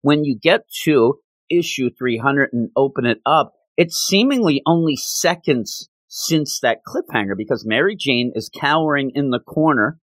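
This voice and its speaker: A man recapping a comic book in an animated, conversational way, slipping into the characters' lines as he goes. His voice sits at a middling pitch. The recording is dry and close. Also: moderate pace, no room sound. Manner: animated, acts out quoted lines. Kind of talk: casual storytelling recap.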